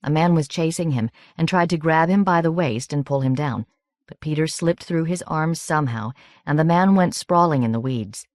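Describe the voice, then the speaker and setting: A woman narrating a novel as an audiobook in a steady, measured reading. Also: low voice, no echo, studio quality.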